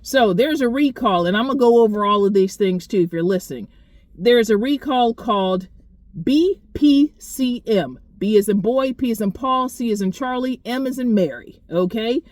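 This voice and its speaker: A fairly high-voiced woman vlogs in a relaxed, chatty way, blunt and animated, with the odd swear word thrown in. Her voice sits close and dry, with almost no room sound around it. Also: a little fast, no room sound. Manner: chatty, talks straight to viewers. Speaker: car owner vlogger. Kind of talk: casual storytelling vlog.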